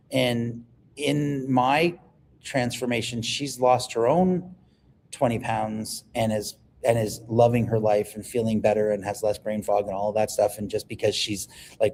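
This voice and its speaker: A man, a livestream guest telling stories in an animated, emphatic way. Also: mid-range voice, a little hiss or hum. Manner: animated storyteller, emphatic, repeats words when excited. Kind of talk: casual livestream conversation.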